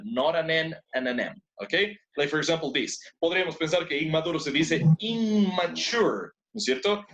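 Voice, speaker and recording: A man's voice: a little high, fairly bright tone, poor audio. A man teaching English online, patient and repetitive, switching into to explain. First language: Spanish.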